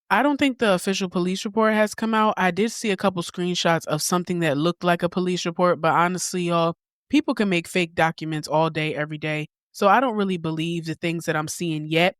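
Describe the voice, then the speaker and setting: A woman's voice: on the low side, no room sound. Blunt woman podcast host, dry close sound. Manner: blunt, candid, swears casually. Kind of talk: opinionated commentary.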